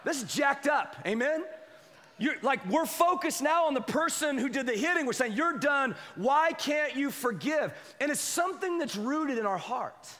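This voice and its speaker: A man with a high voice delivers a relaxed, conversational sermon full of jokes and quick asides. He keeps turning to the congregation for a nod of agreement. His voice carries a long reverb from the church hall. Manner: animated, joking, keeps asking the crowd "right?" and "amen?". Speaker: pastor.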